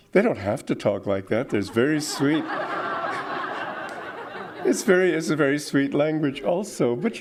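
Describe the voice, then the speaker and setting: A man's voice: medium pitch, warm tone. An older man giving an informal spiritual talk, reflective, with chuckling asides and playful mimicry. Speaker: spiritual teacher.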